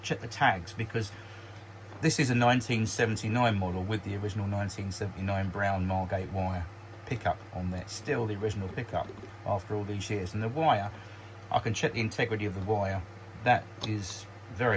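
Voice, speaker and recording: A man's voice: on the low side, a little hiss or hum. A man talking casually through a how-to demonstration for his hobby channel, rambling a little and correcting himself as he goes. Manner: chatty, rambling, self-correcting, dry sarcasm. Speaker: model railway hobby vlogger.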